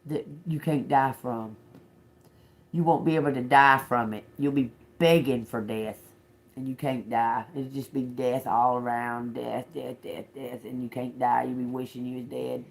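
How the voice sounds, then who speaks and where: A man's voice: medium pitch, fairly even intonation, moderate pace. A man giving a loose, casual tarot reading on a livestream, speaking straight to his audience in a conversational way. He laughs often between thoughts and turns blunt and profane when he answers commenters. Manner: chatty, talks straight to viewers, laughs often; swears, snaps back at chat commenters. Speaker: tarot reader, livestream host.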